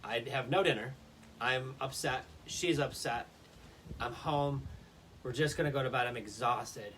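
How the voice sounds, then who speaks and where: A man's voice: mid-range voice, a little slow, fairly bright tone. A man in his thirties co-hosting a live Q&A, telling stories in an earnest, chatty way. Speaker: co-host. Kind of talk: casual live Q&A chat. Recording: faint background noise.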